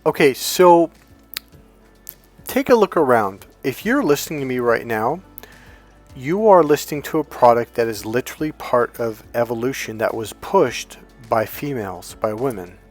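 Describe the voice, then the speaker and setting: Male dating coach, middle pitch, off-the-cuff monologue, rambling, swears a lot, faint music behind. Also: animated, normal speed. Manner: rambling, profane, mimics grunts and crying babies.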